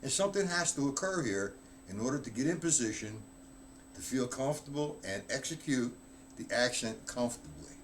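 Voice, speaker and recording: A man's voice: medium pitch, lively intonation, fairly quick, slight background noise. A man giving a live drum lesson, talking bluntly and offhand while he counts out stickings aloud. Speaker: drum teacher.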